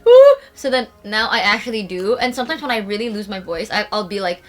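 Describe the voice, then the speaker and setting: A young woman streamer in casual chat, chatty and quick to agree, laughing along as she shares her own stories. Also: mid-range voice, pushed and bright, faint music behind.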